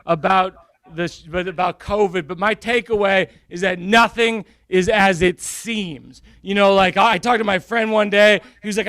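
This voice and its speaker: A man performing a stand-up comedy set, rambling and self-deprecating in a deadpan way. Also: high voice, moderate pace, few pauses, no echo. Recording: crowd laughter in background. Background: audience laughter.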